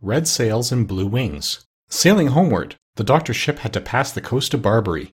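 Husky male storybook narrator. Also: mid-range voice, normal speed. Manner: steady, expressive read-aloud.

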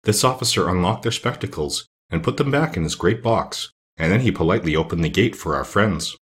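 A man's voice: sits low, brisk. A man reading a children's storybook aloud as narrator, voicing each character in turn. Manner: expressive, voices each character. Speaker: audiobook reader.

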